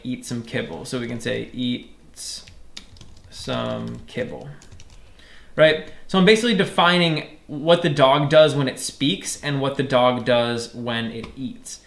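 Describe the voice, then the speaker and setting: This programming instructor records his screen while explaining code step by step in plain terms, frequently asking "right?" to check in. He speaks at medium pitch with vocal fry and a fairly bright tone, and the audio sounds roomy.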